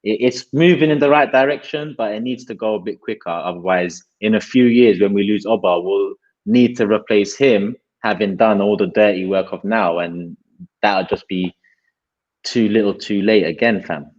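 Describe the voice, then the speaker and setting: A laid-back London man hosting a late-night football chat, full of slang. His voice sits low, and the audio sounds dull and lo-fi. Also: normal speed, a little mellow. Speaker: host.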